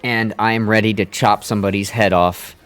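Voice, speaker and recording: A man's voice: on the low side, fairly even intonation, normal speed, a bit bright, faint music behind. A man streaming live, telling a long rant in a casual, exasperated way with plenty of profanity. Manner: exasperated, profane, building anger.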